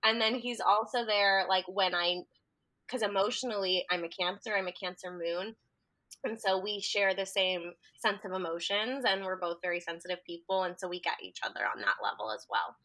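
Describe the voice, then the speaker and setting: A woman's voice: medium pitch, normal speed. A young woman telling a story in casual chat, laughing often as she talks. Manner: giggly, animated storyteller. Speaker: guest.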